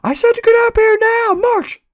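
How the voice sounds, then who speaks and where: A man doing a shrill screeching housemate. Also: fairly even intonation, moderate pace, no room sound. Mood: yelling. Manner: screeching, bossy. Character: shrill angry housemate yelling from upstairs.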